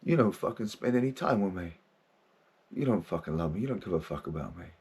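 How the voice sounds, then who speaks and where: A man's voice: mid-range voice, normal speed, lightly acted. A man voicing his own wounded inner self, a grown man who is bitter and accusing and swears as he complains of being neglected. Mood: hurt, resentful.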